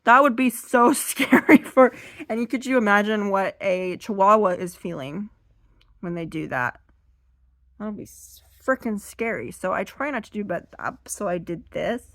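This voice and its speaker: A woman telling a rambling, self-deprecating stand-up story while seated, now and then bursting into loud high acted voices, her voice a little strained. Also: lively intonation, moderate pace, dry recording. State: strained voice from being too loud. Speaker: stand-up comedian.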